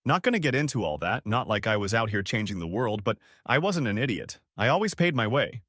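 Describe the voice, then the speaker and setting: A man's voice: fairly low pitch, sing-song, a little fast, a bit bright, no room sound, studio quality. A man in his twenties narrating his own story in a casual, slangy first-person style. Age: 20s. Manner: casual, slangy, spelled-out abbreviations.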